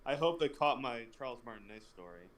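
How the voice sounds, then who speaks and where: A man telling stories in an animated way and swearing freely while chatting on a game stream over a phone. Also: medium pitch, fairly quick. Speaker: stream co-host. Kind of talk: casual chat over gameplay. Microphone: phone over voice chat.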